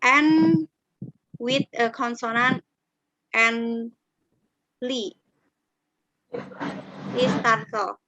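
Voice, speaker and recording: A woman's voice: fairly high pitch, bright, forceful tone, no room sound, lo-fi sound. A young woman from Indonesia, a student reading through phonetics examples in English, word by word, with frequent fillers. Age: young adult. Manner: very slow, word-by-word listing with fillers. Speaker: student presenter.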